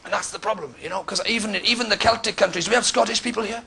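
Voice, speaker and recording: A man's voice: high voice, quick pace, creaky. A Welsh man doing a stand-up set in a comedy club, ranting with mock indignation at the audience. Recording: live club set with crowd laughter.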